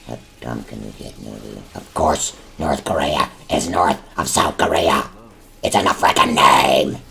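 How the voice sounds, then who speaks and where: A man voicing a hot-tempered, gruff man who grumbles and blusters in comedic gaming banter. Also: steady tone, fairly quick, exaggerated voice. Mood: irritated. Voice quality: very deep, gravelly.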